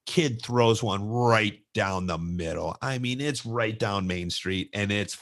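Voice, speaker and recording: A man's voice: lowish voice, takes it slowly. A middle-aged man, co-hosting a casual podcast and animatedly telling a youth baseball story, acting out the voices of kids and coaches.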